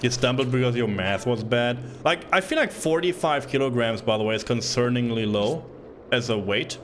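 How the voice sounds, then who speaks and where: A man's voice: mid-range voice, normal speed, fairly bright tone, slight background noise. A man streaming a retro game, reading the on-screen text aloud and cracking joking asides in casual commentary.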